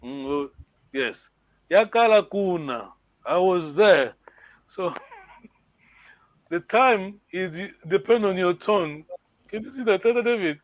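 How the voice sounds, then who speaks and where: His high-pitched voice has lively intonation as he takes things slowly with frequent pauses; the recording is muffled, with no room sound. This online language teacher patiently repeats words and uses "yeah?" to see whether students understand.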